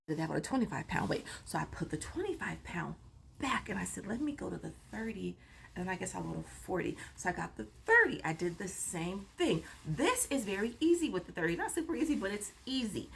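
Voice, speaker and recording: A woman's voice: medium pitch, gravelly, slight background noise. A woman vlogger giving a rambling, playful recap of her gym workout, sometimes dropping into a whisper. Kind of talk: casual chatty workout recap.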